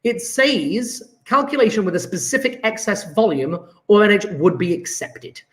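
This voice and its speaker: A man's voice: sits high, sing-song, normal speed, hardly any pauses, fairly bright tone. A man, a chemistry teacher reviewing homework in a classroom, chatty and enthusiastic, thinking aloud as he works through answers. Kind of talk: recorded homework review lesson. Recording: echoey room.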